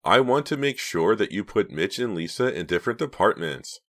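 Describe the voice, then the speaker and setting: A man's voice: on the low side, animated, moderate pace, fairly bright tone, voice pushed up. A man voicing a spoiled, scheming rich teenage girl in an audiobook, gushing and teasing with mock innocence.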